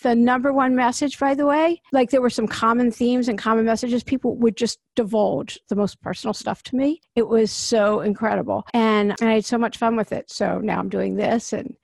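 Lively laughing woman with a gravelly edge. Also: fairly high pitch, normal speed, few pauses, dry recording, studio quality. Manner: animated, laughs often. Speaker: podcast host. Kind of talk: casual chat.

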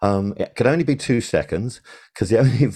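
Low, mellow-voiced older man reminiscing. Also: animated, fairly quick. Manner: rambling, self-correcting storyteller. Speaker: interview guest, TV sound supervisor. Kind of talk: casual interview recollection.

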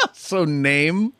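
A man's voice: on the high side, fairly bright tone, clear, resonant tone, no room sound. A man hosting a playful game segment, teasing his guest and laughing often. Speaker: host. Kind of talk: playful game-show banter.

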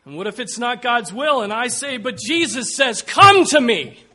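A man preaching a sermon, slow and emphatic, dropping to a hush and rising to loud calls. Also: very high-pitched. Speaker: pastor.

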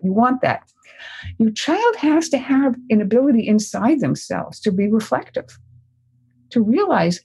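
A woman's voice: a little high, big pitch swings, a little slow, mellow, breathy edge. An older woman, a parenting expert, answering interview questions and telling a family story, acting out the voices she quotes.

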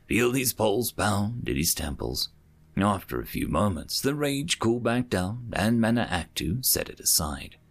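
A man hosting a channel and narrating a serialized sci-fi story with an expressive reading. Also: fairly low pitch, breathy edge. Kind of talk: audiobook narration of online sci-fi fiction.

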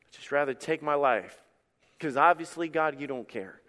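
A man's voice: a little high, animated, normal speed, a bit bright, pitched below the performer's own voice. A man voicing a despairing believer who whines and pleads with God. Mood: pleading. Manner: whiny, pleading. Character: whining despairing believer begging to die.

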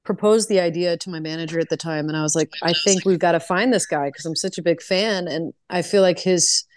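A woman's voice: on the low side, a little fast, a little hiss or hum. A woman guest on a podcast, chatting casually, laughing easily and acting out conversations as she tells a story. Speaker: guest musician.

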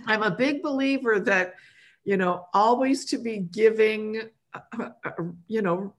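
A woman's voice: mid-range voice, measured pace. A middle-aged woman hosting a podcast, friendly and chatty in casual conversation. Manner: friendly, reads listener questions aloud. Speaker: podcast host.

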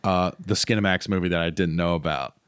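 Man, lowish voice, rambling storyteller, dry close sound. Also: a little fast, clear, resonant tone, no echo. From North Carolina. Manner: animated, rambling, with fillers and acted quotes. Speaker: guest telling a story. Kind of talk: casual storytelling chat.

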